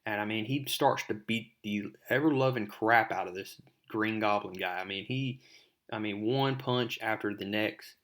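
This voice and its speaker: A man's voice: fairly low pitch, moderate pace, a bit bright. A man walks through a comic book issue in a casual, rambling way. He leans on fillers as he retells each scene.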